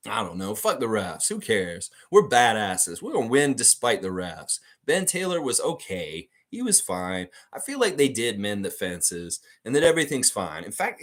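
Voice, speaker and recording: A man hosting a live basketball fan stream, talking casually and bluntly, with plenty of cursing. His mid-pitched voice swings widely up and down as he stresses his points. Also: husky. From United States. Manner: animated, emphatic, blunt, with frequent cursing. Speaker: sports fan show host.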